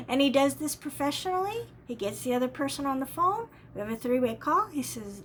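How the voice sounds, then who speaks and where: A woman's voice: high voice, big pitch swings, fairly quick, hardly any pauses, fairly bright tone, a little hiss or hum. A woman vlogger telling a rambling, exasperated story in a casual way, often repeating herself.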